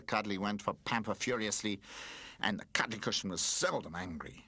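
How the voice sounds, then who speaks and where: A man narrating a children's storybook aloud in an expressive, animated reading. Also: low-pitched, normal speed, gravelly, breathy edge, no echo.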